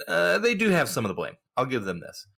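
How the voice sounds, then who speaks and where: A man co-hosting a casual hobby podcast, talking in an animated, joking, opinionated way. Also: medium pitch, fairly quick, creaky. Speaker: podcast co-host.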